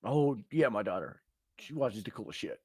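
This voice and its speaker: A man's voice: on the low side, lively intonation, normal speed, husky, no room sound, studio quality. A man in his thirties hosting a podcast, telling crude, punchy stories in casual chat. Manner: crude, storytelling with punchy asides. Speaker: podcast host.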